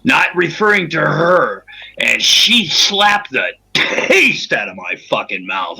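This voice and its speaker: A man's voice: on the high side, sing-song, takes it slowly, creaky, music in the background, poor audio. A man chatting casually, telling crude, joking stories. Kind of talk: casual chat.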